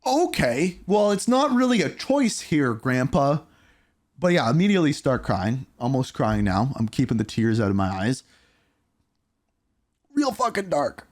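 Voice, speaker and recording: A man in his thirties telling a candid storytime vlog, animated and blunt, with casual swearing. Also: medium pitch, a little slow. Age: 30s. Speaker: YouTuber.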